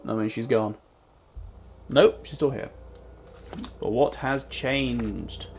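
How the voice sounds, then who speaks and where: A man plays a mystery game for a let's-play, his medium-pitched voice creaky and unhurried. He's playful, reading the on-screen text aloud and humming little jingles, over a dull lo-fi recording with faint hiss.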